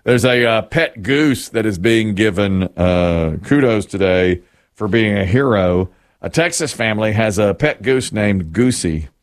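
A man's voice: lowish voice, expressive, measured pace. A man hosting a casual radio show, joking with co-hosts and reading quirky news stories aloud. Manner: jokey, reads news stories aloud with playful put-on voices. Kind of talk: casual morning-show banter.

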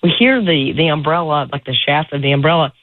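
A woman's voice: deep voice, a little fast, no echo. A woman legal expert calling into a radio show, explaining law with many ums and restarts. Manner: hesitant, filler-heavy. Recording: tinny phone line.

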